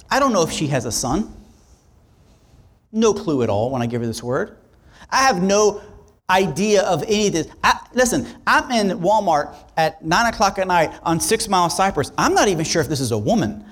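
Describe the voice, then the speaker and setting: Animated preaching male pastor. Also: a little high. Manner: animated, conversational, acts out dialogue. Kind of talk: sermon storytelling.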